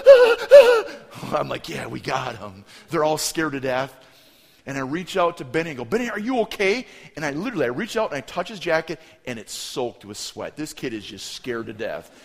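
A man preaching a sermon, telling a story and acting out the voices of frightened children with big swings in pitch and loudness. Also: big-room sound.

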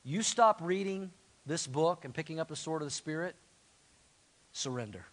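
A middle-aged man preaching a sermon as pastor, animated and asking the congregation to answer back. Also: on the high side, fairly quick. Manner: animated, call-and-response with congregation.

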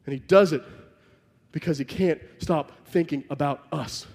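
A man's voice: a little high, normal speed, creaky, darkish tone. A man preaching a sermon, telling the story vividly and emphatically and acting out the scenes. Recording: long reverb from a large hall.

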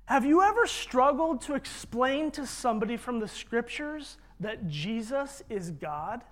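Preacher, sermon, slow deliberate delivery, emphatic, congregation repetition. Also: medium pitch, expressive, a bit bright.

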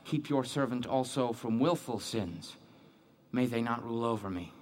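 A man reads scripture alone in a dramatic monologue, voiced by an actor as someone devout and troubled who keeps probing his guilt and faith, questioning and doubting himself. The voice is mid-range, darkish, and natural, at a moderate pace.

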